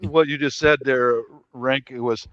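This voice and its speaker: A man's voice: medium pitch, fairly even intonation, unhurried, a bit bright, no echo, dull audio. An American man in casual chat, blunt and profane, speaking in a dry, offhand way. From United States.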